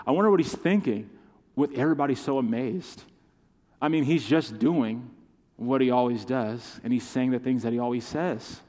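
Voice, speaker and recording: A man's voice: medium pitch, moderate pace, a little mellow. Preaching man in a reverberant hall. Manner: impassioned preaching with call-and-response. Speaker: pastor. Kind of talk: sermon. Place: church sanctuary.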